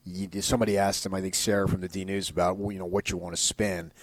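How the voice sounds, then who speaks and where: A man's voice: sits low, little pitch movement, fast, no room sound. Rambling, emphatic male sports talk host. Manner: rambling, emphatic, frequent restarts.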